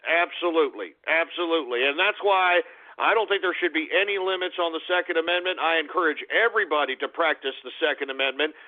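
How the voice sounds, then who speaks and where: A man's voice: a little high, quick pace. Winded, ranting male radio host. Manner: swearing, agitated, ranting bursts then muttering. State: winded, lightheaded. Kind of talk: call-in radio talk. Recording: tinny phone-like call-in audio.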